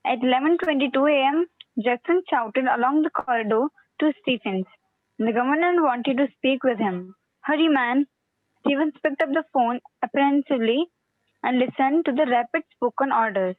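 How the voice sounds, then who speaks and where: A woman's voice: high voice, normal speed, no room sound. A female student, reading a textbook aloud for her class with care. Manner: careful, steady reading. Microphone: online class call. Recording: tinny dry call audio.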